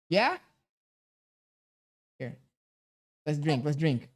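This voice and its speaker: A man's voice: on the high side, lively intonation, normal speed, pauses often, a little mellow. Profane, joking male livestreamer. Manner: reads viewer messages aloud between remarks; coaxing baby talk to an infant. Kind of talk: casual livestream chat.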